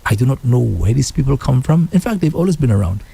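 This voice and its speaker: A man from the Caribbean hosting a casual political talk show, animated and repetitive, quoting others in mock voices. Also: mid-range voice, quick pace, vocal fry, breathy edge. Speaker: radio show host.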